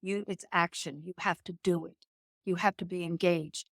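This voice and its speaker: A woman guest on a faith and business podcast who speaks in an earnest, measured, motivational way and slows down to stress key words. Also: on the low side, steady tone, dry recording, clean studio sound. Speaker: guest entrepreneur. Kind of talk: faith-based business interview.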